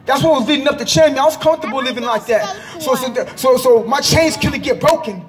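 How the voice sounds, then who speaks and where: In an outdoor park, a man with a very high-pitched voice delivers a fervent religious testimony. His pace is brisk, coming in urgent bursts that often rise to a shout, and he repeats phrases for emphasis.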